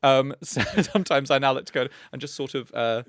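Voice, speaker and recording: A man's voice: mid-range voice, fairly even intonation, fairly quick, a bit bright, clear, resonant tone, no room sound. A man co-hosting a comedy podcast, chatting casually and teasing in a playful, mischievous way on a close mic. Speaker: podcast co-host.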